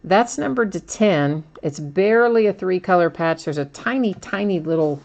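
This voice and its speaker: Low-voiced chatty woman. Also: animated, normal speed, gravelly, a little mellow. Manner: chatty, laughs often, reads chat aloud. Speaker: card break host. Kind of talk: casual live-stream commentary.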